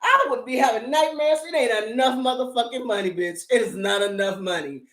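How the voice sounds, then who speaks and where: A woman's voice: a little high, a little fast. Sassy, profane woman in an echoey room. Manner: profane, sassy, laughing asides. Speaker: vlogger reviewing a drama. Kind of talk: animated casual rant.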